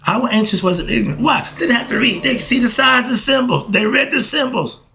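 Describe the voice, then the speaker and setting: A middle-aged man hosting a casual spiritual talk. He talks in a preachy, excitable way, asks himself questions and answers them, and swings between fired-up bursts and calmer stretches. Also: very high-pitched, brisk, gravelly. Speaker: host.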